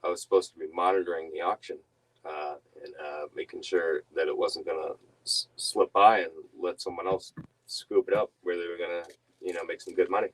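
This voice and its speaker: A man's voice: low-pitched, fairly even intonation, a little fast, low-quality recording. A young man telling a rambling story to his stream viewers, laughing often and breaking off mid-sentence. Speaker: reseller streamer.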